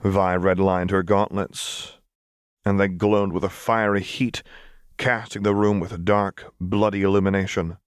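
A man reading a fan-fiction story aloud as a steady, measured narrator. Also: sits low, smooth, dry recording, studio quality. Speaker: audiobook reader. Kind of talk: scripted narration.

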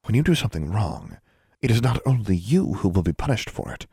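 A man's voice: fairly low pitch, very animated, a little fast, slightly rough, dry recording, studio quality, voice pushed up, heavily acted. Man voicing a cold stern female dean. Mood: cold, menacing. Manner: icy, quiet and menacing, clipped commands.

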